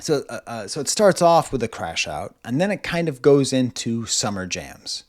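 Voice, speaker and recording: A man's voice: medium pitch, sing-song, moderate pace. A man in his forties, recorded at home, reviewing an album in a loose, rambling way, often stopping and restarting his thoughts. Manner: rambling, self-interrupting, lots of "like". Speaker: music reviewer. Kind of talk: casual video album review.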